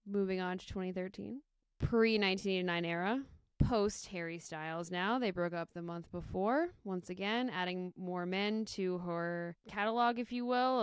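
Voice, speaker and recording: Brief: young woman, podcast co-host, loose chatty delivery, crisp dry close-mic sound. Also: medium pitch, no room sound. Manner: chatty, lots of "like" fillers, joking. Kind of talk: casual chat.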